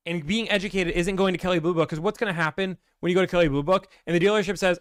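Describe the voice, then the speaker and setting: A man hosting a casual Q&A stream, blunt and ranting, acting out salesmen in quick put-on voices. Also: high voice, animated, no echo, studio quality. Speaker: host answering viewer questions. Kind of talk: casual livestream Q&A.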